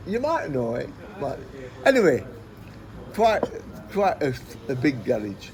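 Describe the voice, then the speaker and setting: A man's voice: a little high, warm tone. A man telling a rambling anecdote, swearing constantly and repeating himself. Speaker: storyteller.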